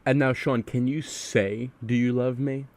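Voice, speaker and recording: A man's voice: mid-range voice, steady tone, a little slow, darkish tone. A man hosting a podcast, chatting casually about music in an earnest way and asking leading questions. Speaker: podcast host.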